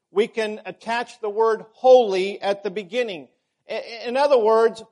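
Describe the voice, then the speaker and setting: A man preaching a sermon, measured and emphatic, repeating key words for stress. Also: high voice, a little mellow.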